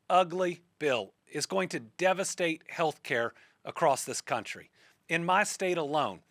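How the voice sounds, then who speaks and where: A man's voice: on the high side, a bit bright, no echo, clean studio sound. A man with a Kentucky accent hosting a podcast, asking a guest questions and then speaking earnestly and with rising passion on an issue. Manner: fired-up, earnest political speaking. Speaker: podcast host. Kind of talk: interview then spoken commentary.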